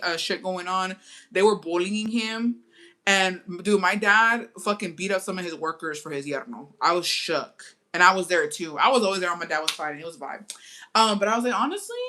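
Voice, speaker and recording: Young bilingual storyteller, bright sharp voice, swears a lot, flips between english and spanish, chatting right at the viewers. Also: medium pitch. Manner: chatty, addresses viewers directly. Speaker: storytime vlogger. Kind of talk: casual storytime.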